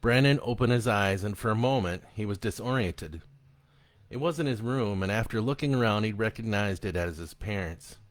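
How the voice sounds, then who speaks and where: A man giving a live reading of his own horror story in an expressive, dramatic storytelling manner. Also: on the low side, moderate pace, dry recording.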